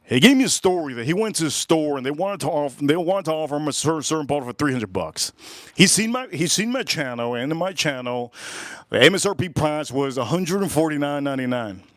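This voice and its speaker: A man's voice: on the high side, expressive, a little fast, no echo, studio quality. A man hosting a livestream, telling a story in a loose, chatty way. He repeats phrases and retells dialogue with "he goes" and "I go.". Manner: chatty and loose, with restarts and self-corrections. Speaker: livestream host.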